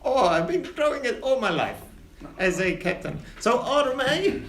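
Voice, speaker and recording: A man's voice: extremely high pitch, sing-song, moderate pace, a bit bright, pitched above the performer's own voice, exaggerated voice. A man voicing a small, lithe ship captain who brags about his swordsmanship and speaks formally. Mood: amused. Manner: formal, stiff, boastful. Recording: echoey room, faint hiss.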